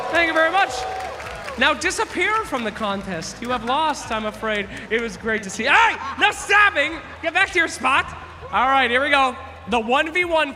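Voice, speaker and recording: A man with a very high, piercingly bright voice hosts a quiz on stage at a live esports event, loud and playful as he teases contestants and shouts to the crowd. The recording carries the long echo of a large arena hall, with music in the background.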